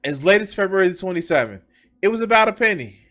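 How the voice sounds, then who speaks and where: High-pitched profane ranting man. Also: expressive, fast, a bit bright. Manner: profane, emphatic, repeats phrases. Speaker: streamer. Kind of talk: ranting political commentary.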